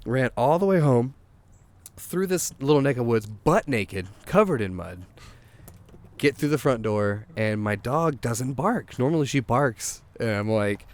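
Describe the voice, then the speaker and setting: A man, a songwriter guest, telling a rambling anecdote in a casual, animated way, swearing and acting out what people said. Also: medium pitch, measured pace. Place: outdoors.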